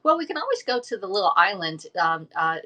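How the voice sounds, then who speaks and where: A woman's voice: mid-range voice, sing-song, brisk, pushed and bright. A woman, chatting casually on a livestream from home and rambling through a story with lots of fillers. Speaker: livestream host.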